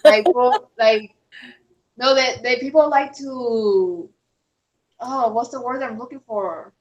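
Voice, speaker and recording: Woman guest on dull, lo-fi call audio. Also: a little high. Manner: searching for words, halting restarts. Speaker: guest panelist. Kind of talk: casual live-stream chat.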